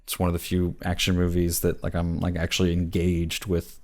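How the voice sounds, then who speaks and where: A man's voice: low-pitched, monotone, a little fast, a little mellow. A man co-hosting a casual movie review podcast, rambling with lots of fillers and restarts. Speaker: podcast co-host.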